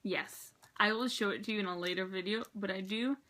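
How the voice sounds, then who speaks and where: A teenage girl vlogging in a rambling, excitable, chatty way. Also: mid-range voice, brisk. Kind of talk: casual chat.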